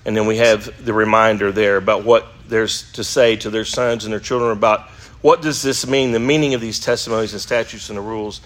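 A man's voice: fairly low pitch, fairly even intonation, brisk, a bit bright. A middle-aged man teaching an adult Sunday school class, reading scripture passages aloud and asking his listeners rhetorical questions. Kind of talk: Bible class lecture.

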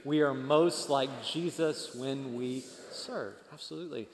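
A man preaching a sermon as pastor, animated and leading the congregation in call-and-response. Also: medium pitch, unhurried. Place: church. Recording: long church hall reverb.

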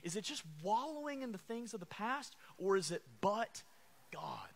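A man's voice: high voice, big pitch swings, moderate pace. A man preaching a sermon, calling out to the congregation and repeating refrains. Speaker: pastor.

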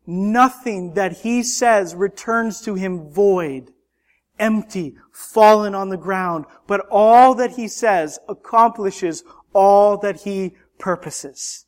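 A man preaching a sermon, impassioned and rhetorical, swinging between loud emphatic lines and hushed ones. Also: high voice, takes it slowly.

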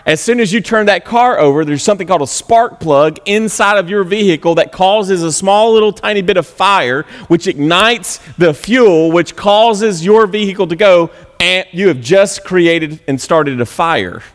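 A man's voice: high-pitched, moderate pace, hardly any pauses. Man preaching in a reverberant church. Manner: conversational, sarcastic, animated preaching. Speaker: pastor. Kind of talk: sermon. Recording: long hall reverb.

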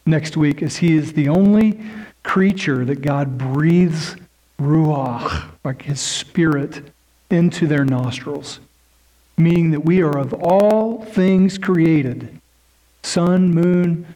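A man's voice: fairly high pitch, takes it slowly, dark tone, low-quality recording. A man preaching a sermon in an earnest, emphatic way, building points through lists and repetition. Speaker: pastor.

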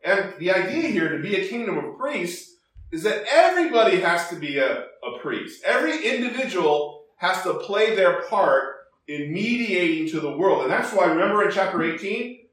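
Man preaching in a booming echoey hall. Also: big pitch swings, normal speed, a bit bright, recorded from a distance. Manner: conversational, many restarts and fillers, rising emphasis on quotes. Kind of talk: expository Bible teaching.

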